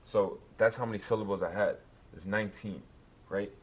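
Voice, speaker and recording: A man teaching rap writing in a casual way, explaining slowly and counting out beats and syllables. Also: on the low side, fairly even intonation, slightly rough. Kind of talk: casual instructional talk.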